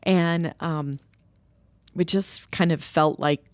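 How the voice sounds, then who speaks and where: A middle-aged woman telling stories in conversation, candid and lively, acting out what others said. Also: low voice, takes it slowly, no echo. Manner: candid, animated quoting of others. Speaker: guest, nonprofit co-founder. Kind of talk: conversational storytelling. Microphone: podcast microphone.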